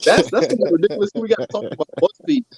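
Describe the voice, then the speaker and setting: Animated Dutch-born man, slight accent. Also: high voice, very fast, vocal fry, crowd noise. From Netherlands. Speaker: podcast co-host. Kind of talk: casual chat. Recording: slightly dull lo-fi sound.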